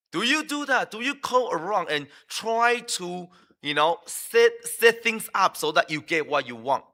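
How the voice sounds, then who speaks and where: A man's voice: fairly high pitch, pushed and bright. A man preaching a sermon in a church, emphatic and full of rhetorical questions, with frequent fillers and restarts.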